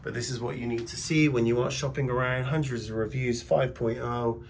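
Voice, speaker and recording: Recording a casual nighttime vlog from his video transfer shop, an English shop owner with an English accent chats bluntly and drifts into rants. He talks a little fast in a steady, mid-range voice, with slight background noise.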